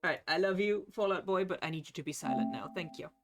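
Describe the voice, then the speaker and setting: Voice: medium pitch, fast talker, over music. A streamer, chatting casually and swearing while playing a game live and reading its text aloud. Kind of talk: casual live gameplay chat.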